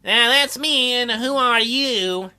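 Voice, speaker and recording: Man putting on a curt, gruff sailor. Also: very high voice, takes it slowly, sharp tone, soft background music, full character voice.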